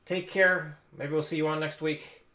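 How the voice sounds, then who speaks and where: This guitar teacher speaks flatly at normal speed in a high-ish, pushed and bright voice while hosting a live stream. He rambles casually in reaction to a guitar lesson video, occasionally cursing, with electric guitar playing in the background.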